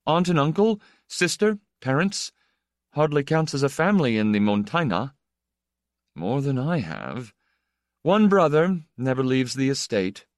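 A man's voice: medium pitch, sing-song, unhurried, no room sound. Man doing an earnest young country guy, dry humor, voice moves around a lot. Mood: plain.

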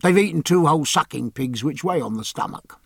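A man reading an audiobook, voicing a sailor who calmly reassures his cousin. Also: on the high side, a little fast, creaky, slightly rough, no echo, clean studio sound, heavily acted. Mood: reassuring. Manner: reassuring, matter-of-fact. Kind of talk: audiobook character voice.

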